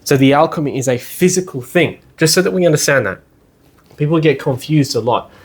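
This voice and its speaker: A man teaching a class at a study centre in a relaxed, conversational way, often checking in with the room with "yeah?" and "you know". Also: on the high side, brisk, slightly rough. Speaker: lecturer at a spiritual study centre. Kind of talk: casual classroom lecture. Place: indoor classroom.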